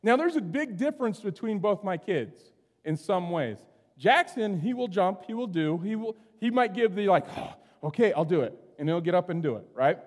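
A middle-aged man preaching a sermon in a church sanctuary, telling stories in a relaxed, conversational way and often checking in with "right?". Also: sits high, normal speed. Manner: conversational, storytelling, keeps asking "right?". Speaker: pastor. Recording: long hall reverb.

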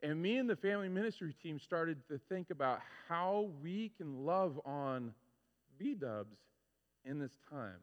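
A male pastor preaching a sermon, telling stories with lively, animated delivery and acting out his own frustrations. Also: on the high side, unhurried. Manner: animated storytelling, acts out his own complaints. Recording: muffled sound with long hall reverb.

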